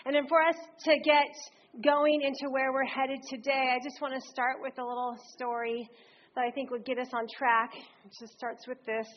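A woman preaching a sermon, telling stories in a lively way and reading scripture aloud with emphasis. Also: high voice, normal speed. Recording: slightly dull recording.

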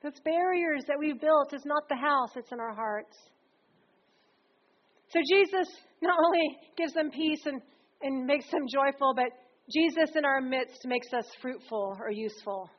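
A woman preacher delivering a sermon in a conversational, energetic way, often slipping into acted quotes. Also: high-pitched, a little slow. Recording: dull lo-fi recording.

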